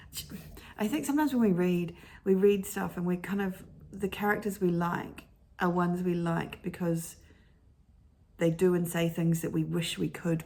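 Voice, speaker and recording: Rambling woman with a gravelly, husky voice. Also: mid-range voice, a little mellow. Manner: rambling, digressive, often restarts and corrects herself. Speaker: vlogger talking about favorite books. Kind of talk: casual chat. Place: at home at her computer with her dog.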